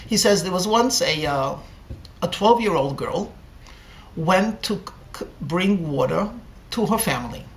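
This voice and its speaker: Man telling a story at a deliberate pace. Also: high voice, expressive. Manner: slow, deliberate pacing with pauses. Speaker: rabbi. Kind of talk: storytelling sermon.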